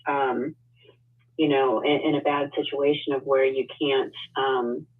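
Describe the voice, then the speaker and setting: A woman's voice: extremely low pitch, little pitch movement, measured pace, breathy edge. A woman introducing herself on a casual video call, friendly, with many ums and light laughs. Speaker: financial services guest. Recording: tinny phone-like call audio.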